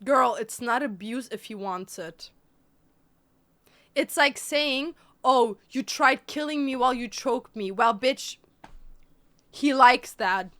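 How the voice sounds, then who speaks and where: A woman chats on a livestream. Her voice sits a little high and sounds bright. She talks bluntly and teases freely. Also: slow, pauses often. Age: 20s. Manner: blunt, teasing, switches between English and German. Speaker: streamer. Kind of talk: casual livestream chat.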